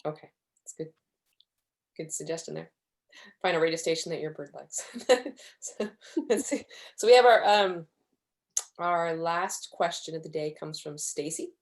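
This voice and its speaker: A woman's voice: low-pitched, measured pace, pauses often. Woman host reading viewer questions. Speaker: webinar host. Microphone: video call.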